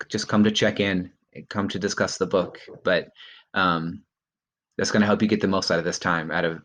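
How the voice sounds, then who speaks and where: Deep-voiced guy teacher talking his class thru a reading assignment, lots of ums and okays. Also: fairly bright tone. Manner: encouraging, many ums and okays. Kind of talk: recorded remote class lesson.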